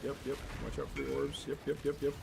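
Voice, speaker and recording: A man talking casually over his gameplay, at a middle pitch for a man. He rambles and drifts into exasperated asides, with faint ambient noise in the background. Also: monotone, fast, vocal fry. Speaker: gaming channel host.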